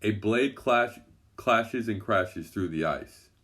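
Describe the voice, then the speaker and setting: A man reading a children's adventure story aloud in a gentle, even storytelling manner. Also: on the low side, slow. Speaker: storybook narrator.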